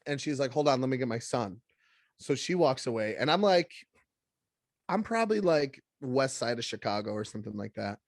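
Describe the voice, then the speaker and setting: A man's voice: mid-range voice, big pitch swings, normal speed, dry recording, clean studio sound. A man in his thirties co-hosting a podcast, telling a story in casual chat and jumping into quoted voices. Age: 30s. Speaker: podcast co-host.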